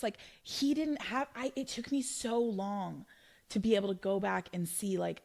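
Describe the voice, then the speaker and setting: Woman, young adult, gravelly fry, mid pitch, earnest, emotional, candid faith podcast talk. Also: darkish tone. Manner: earnest, emotional, quick bursts of affirmation. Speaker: podcast co-host.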